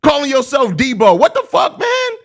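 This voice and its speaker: A young man with a very high-pitched voice delivers a live-stream postgame rant. He is exasperated and profane, and he leans on slang, drawing out his complaints again and again. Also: huge pitch swings, moderate pace. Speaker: host of a live postgame show.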